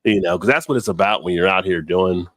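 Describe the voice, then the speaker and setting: A middle-aged man hosts a casual live stream with a fairly low, relaxed voice. He talks frankly, swearing here and there, and his sound is close and dry with no room echo. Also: fast.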